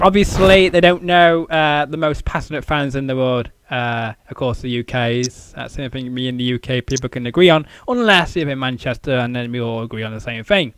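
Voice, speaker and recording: A British man hosting a casual podcast interview, halting and repeating words with many fillers. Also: a little high, clean tone, dry recording. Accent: British English. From United Kingdom. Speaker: podcast host.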